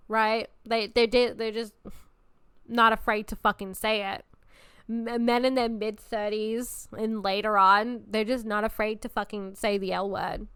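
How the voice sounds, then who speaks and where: A woman's voice: mid-range voice, a little slow, clean tone, no echo, clean studio sound. A woman in her twenties hosting a podcast, talking in a blunt, casual way and swearing freely. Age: 20s. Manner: blunt, profane and animated. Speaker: podcast host. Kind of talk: casual chat.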